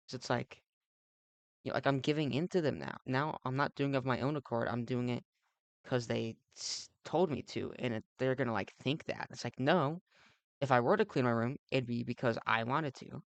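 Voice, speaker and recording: A man's voice: mid-range voice, moderate pace, no room sound, dull audio. A young man hosting a let's play, rambling through a comedic monologue with ironic asides, swearing, and lots of fillers.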